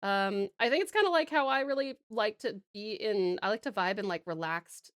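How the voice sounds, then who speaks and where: An Australian woman talks her viewers through her drawing in a loose, rambling way, with plenty of "um" and "like" between thoughts. Her voice sits at a middle pitch, and she calls her viewers sweet pet names. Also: expressive, moderate pace, a bit bright, dry recording, clean studio sound. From Tasmania, Australia. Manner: chatty and rambling, full of "um" and "like". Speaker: art streamer. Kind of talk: casual live-stream chat while drawing.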